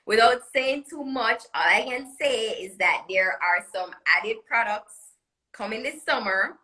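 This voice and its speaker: A woman's voice: a little high, expressive, measured pace, pushed and bright, low-quality recording. A woman with a Caribbean accent, a jewelry designer chatting as a guest in a live online interview, laughing often as she promotes her products. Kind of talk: live social media interview. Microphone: phone or webcam on live video call.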